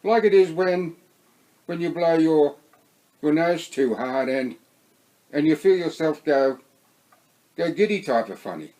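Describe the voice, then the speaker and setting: A man's voice: fairly high pitch, animated, measured pace, pauses often, mellow, low-quality recording. A man with an Australian accent voicing a confused man who stammers and repeats his words. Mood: dazed.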